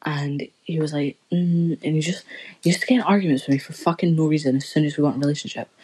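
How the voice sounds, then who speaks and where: Young woman, low voice, rambling sweary storytelling, casual podcast chat. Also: steady tone, fast talker, mellow, breathy edge, rough recording.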